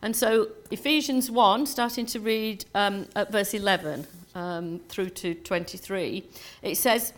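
A woman pastor giving a sermon to her church in a relaxed, conversational way, full of "you know" and "um". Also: mid-range voice, a little slow.

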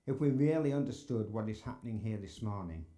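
A man with a low, mellow voice delivers a sermon from the pulpit of a church sanctuary. He speaks earnestly and builds to emphatic peaks when he stresses a point. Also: lively intonation, fairly quick. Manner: earnest, rising to emphatic exclamations. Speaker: preacher.

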